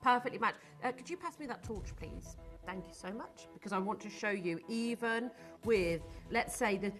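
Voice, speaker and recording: A woman's voice: fairly high pitch, normal speed, a bit bright, faint music behind. A woman presenting live on a shopping channel in a studio, gushing and enthusiastic as she greets viewers by name.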